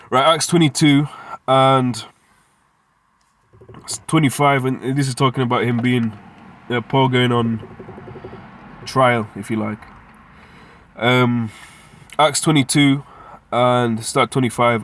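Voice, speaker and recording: A man leads a casual scripture lesson, constantly asking his listeners rhetorical questions. His talk is loose and streetwise, full of slang, and his voice sits at an ordinary middle pitch. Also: a little fast. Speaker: Bible teacher. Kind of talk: informal scripture teaching.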